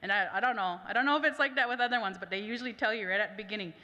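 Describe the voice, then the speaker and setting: A woman's voice: mid-range voice, rapid-fire, sharp tone. A woman language teacher at a summit, telling a chatty personal story full of quoted dialogue. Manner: chatty, lots of "I was like" quotes. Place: conference hall. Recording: reverberant hall.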